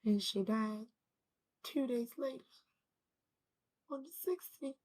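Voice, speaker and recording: A grieving woman telling a personal story in a casual, rambling, slangy way, laughing between thoughts and swinging between calm and anger. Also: fairly high pitch, slow pace. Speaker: vlogger sharing a personal story.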